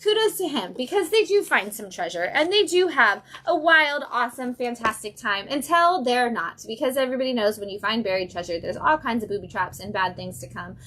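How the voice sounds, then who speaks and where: A woman with a somewhat high voice hosts a casual livestream from a comic book shop. She talks in an enthusiastic, chatty way, filling her speech with "um" and "like" as she describes each new issue. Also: animated, a little fast, hardly any pauses, bright, forceful tone. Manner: enthusiastic, chatty, acts out quotes with fillers.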